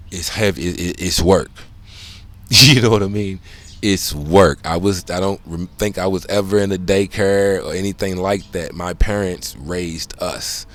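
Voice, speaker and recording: A middle-aged man hosting a casual monologue, loose and conversational, swearing often and checking in with "you know what I'm saying.". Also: fairly low pitch. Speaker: podcast host.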